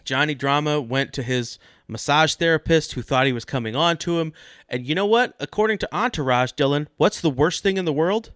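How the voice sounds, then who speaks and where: Deadpan comedic male podcast co-host. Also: a little high, a little fast, clean tone, no room sound, clean studio sound. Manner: deadpan, mock-serious delivery. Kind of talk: comedic sports podcast banter.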